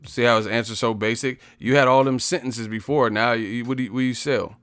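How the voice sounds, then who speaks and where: A brash male livestream host who mocks his chat, swearing freely and firing challenges at the viewers. His voice sits at a middle pitch, with faint music playing behind him. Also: steady tone, quick pace, a bit bright, dry recording. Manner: confrontational, profane, mocking. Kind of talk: live-stream chat, roasting commenters.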